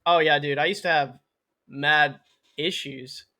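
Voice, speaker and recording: A man's voice: fairly high pitch, fairly even intonation, measured pace, sharp tone. A man co-hosting a podcast, chatting casually with laid-back, joking banter and slang. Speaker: podcast co-host. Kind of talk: casual chat.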